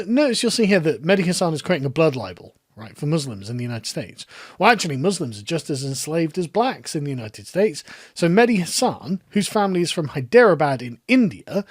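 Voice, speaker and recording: A man's voice: high voice, big pitch swings, normal speed, no room sound, studio quality. A man giving scoffing, sarcastic commentary on a video clip. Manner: sarcastic, scoffing, laughs at his subject. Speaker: online commentator. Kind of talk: mocking commentary on clips.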